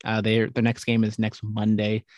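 A man's voice: lowish voice, monotone, darkish tone, no echo, studio quality. Profane rambling male sports podcaster. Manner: rambling, profane, quick asides. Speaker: podcast host. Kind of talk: casual sports chat.

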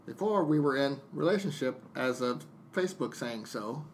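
A man of middle pitch telling a story on a podcast, blunt and full of swearing. He jumps into both sides of remembered arguments as he talks, with a faint hiss under the recording. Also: lively intonation, moderate pace. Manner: venting, blunt and profane, jumping into quoted dialogue. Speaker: podcast guest, DJ. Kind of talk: casual storytelling chat.

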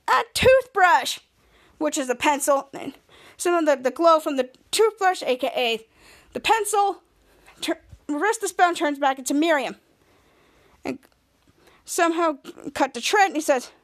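High-voiced young woman recapping excitedly. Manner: excited, rambling, acts out quotes in playful voices. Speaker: podcast host. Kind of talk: casual episode recap.

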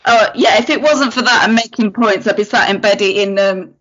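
A woman's voice: medium pitch, fairly quick. A woman, a podcast guest, telling a story in casual chat, acting out what people said and laughing often. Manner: animated, acts out quotes, laughs often. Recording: lo-fi podcast audio.

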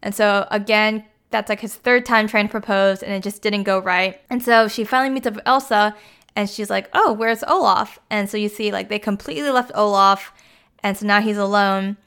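A young woman with a smooth, clear voice at a middle pitch, recapping a film in a loose, conversational way. She is full of casual fillers and keeps slipping into the characters' quoted lines. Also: fairly even intonation, fairly quick, fairly bright tone. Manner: chatty, filler-heavy, acts out quotes.

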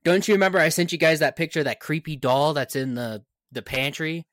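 A man's voice: fairly high pitch, a little fast, fairly bright tone, no echo. A man telling odd family anecdotes in a casual chat with friends, sometimes puzzled and defensive.

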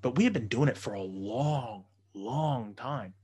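A man's voice: medium pitch, animated, a little slow, a little mellow, breathy edge. A man telling a raunchy personal story in a casual podcast chat, profane and loose, laughing as he goes.

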